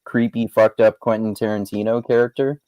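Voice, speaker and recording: A man hosting a casual movie chat, relaxed and chuckling, with many fillers. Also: on the low side, a little fast, poor audio. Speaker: podcast host.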